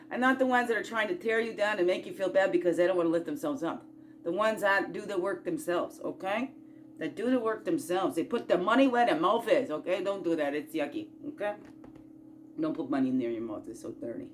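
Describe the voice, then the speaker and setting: A woman hosting a casual self-growth chat, folksy and encouraging, rambling through asides and rhetorical questions, sometimes bursting out loud and sometimes dropping to a murmur. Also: mid-range voice, fairly quick, slight background noise. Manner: swings between loud bursts and quiet murmurs. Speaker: spiritual self-growth host.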